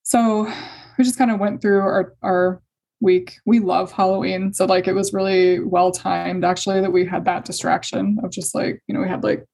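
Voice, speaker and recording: Woman, gravelly, breathy, hesitant, emotional, conversational. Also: medium pitch, level tone, normal speed, darkish tone. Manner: hesitant, emotional, frequent fillers and laughs. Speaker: guest sharing fertility story. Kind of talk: personal conversation.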